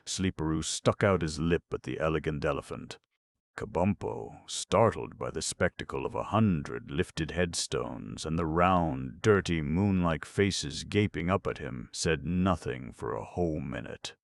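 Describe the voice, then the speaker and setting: A man narrating a children's fantasy audiobook in a steady storytelling manner. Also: a bass voice, gravelly, no room sound. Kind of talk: scripted narration.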